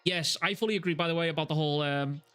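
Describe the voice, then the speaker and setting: A young man live streaming, reacting to chat messages with excitable, heavily profane talk. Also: a little high, racing, smooth, faint music behind.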